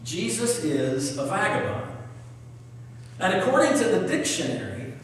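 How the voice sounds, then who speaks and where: High-voiced preacher in an echoey hall. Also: male voice, sing-song, unhurried, distant mic, slight background noise. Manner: storytelling preacher, reads scripture aloud, asks the congregation questions. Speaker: pastor. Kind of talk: sermon.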